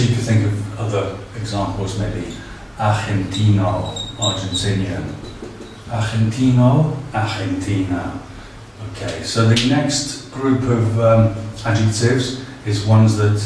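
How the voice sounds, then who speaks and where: Male tutor, slightly low voice, halting delivery; distant, roomy recording with faint hiss. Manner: hesitant, many ums and uhs. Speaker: language teacher. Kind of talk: casual spoken tutorial. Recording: very echoey, distant, faint background noise.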